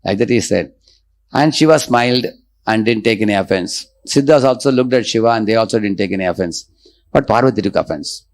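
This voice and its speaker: Man, low-pitched voice, scripture lecture, recites Sanskrit verses, adds huh and hmm tags. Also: a little fast. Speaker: spiritual teacher.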